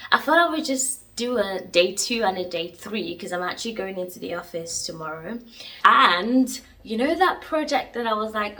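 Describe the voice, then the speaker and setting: A woman's voice: mid-range voice, sharp tone. A woman in her twenties chatting casually to viewers in a home vlog, laughing often and talking straight to camera. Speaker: vlogger.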